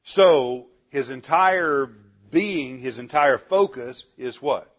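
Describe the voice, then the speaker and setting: A man teaching a Bible class, animated, asking the class questions and chuckling often, on a dull lo-fi recording. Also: mid-range voice, slow.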